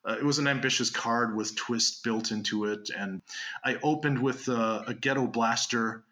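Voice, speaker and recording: A man from Canada, a guest magician telling stories in a casual interview with quick asides and laughter. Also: mid-range voice, bright, forceful tone.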